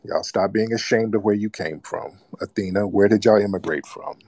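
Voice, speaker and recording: Host type: low-voiced man, mocking and scolding tone, call-in show, dry close sound. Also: normal speed, gravelly, darkish tone, dry recording. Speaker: host of live call-in broadcast. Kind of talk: casual call-in radio talk.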